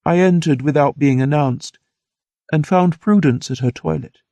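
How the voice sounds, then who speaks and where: Gravelly, mellow male audiobook narrator. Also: a little high, normal speed, no room sound. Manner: earnest, steady first-person storytelling. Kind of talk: scripted narration of a classic novel.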